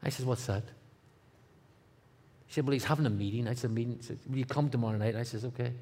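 A middle-aged man with a Northern Irish accent, a guest speaker telling his testimony in a comic, animated way, dropping to a hush and rising loud. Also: mid-range voice, quick pace. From Northern Ireland. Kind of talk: testimony storytelling.

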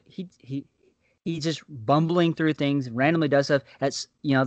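Casual, excitable man in a chat. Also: medium pitch, dry recording.

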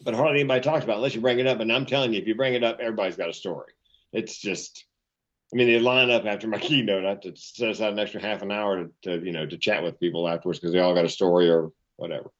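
A man's voice: lowish voice, steady tone, rapid-fire. A man in his fifties, a comedian and keynote speaker, telling stories and punchlines in casual podcast chat with a self-deprecating manner. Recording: dull lo-fi audio.

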